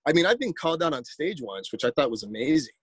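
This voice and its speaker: A man's voice: on the high side, big pitch swings, fast talker, slightly rough, no echo. A man, a poet telling a story in a casual interview, rambling and repeating words as he acts out quotes.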